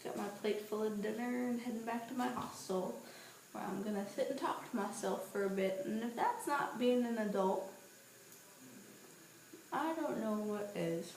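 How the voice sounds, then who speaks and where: A woman in her twenties vlogs while walking a street at night, holding her camera and telling stories in an animated, playful way. Her voice is on the high side at a normal pace, and the recording has a roomy echo with faint ambient noise.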